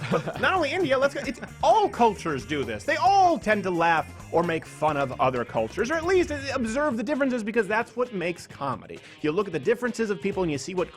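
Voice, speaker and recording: A man's voice: high voice, fairly bright tone. A man hosting a show, delivering heated, mocking comedic commentary. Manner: brash, mocking, riffing. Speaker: host.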